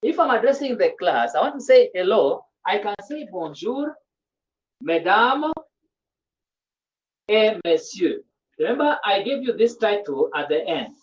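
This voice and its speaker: A woman's voice: medium pitch, big pitch swings. A woman teaching a class, repeating herself and checking often that students follow. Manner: slow, repetitive, checks understanding often. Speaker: French teacher. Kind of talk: classroom language lesson. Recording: dull lo-fi recording.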